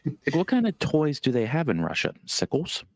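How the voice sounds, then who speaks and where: A man co-hosting a podcast, tossing out deadpan one-liners in casual chat. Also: on the high side, normal speed, dry recording. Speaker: podcast co-host.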